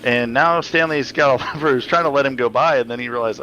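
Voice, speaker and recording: A man's voice: mid-range voice, quick pace, a little hiss or hum, low-quality recording. A man giving casual, joking play-by-play commentary on a simulated motocross race, swearing freely. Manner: joking, profane, excitable.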